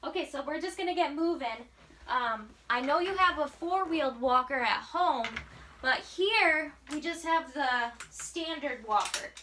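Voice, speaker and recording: A high-voiced woman works as a physical therapist at a hospital bedside. She patiently guides a patient through breathing drills and counts each breath in an encouraging way. She sounds far off in an echoey room, with faint hiss behind her. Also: expressive, unhurried, pushed and bright. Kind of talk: coaching a patient through exercises.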